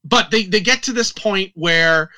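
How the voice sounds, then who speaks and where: A man's voice: sits high, measured pace, bright, forceful tone. A man casually discussing a film as a podcast co-host, retelling scenes with many restarts and fillers.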